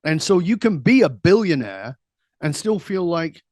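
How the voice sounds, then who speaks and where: Middle-aged man, interview guest, slightly high voice, animated storytelling, dry close sound. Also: no echo. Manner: animated, laughs easily, quick asides. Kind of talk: conversational storytelling.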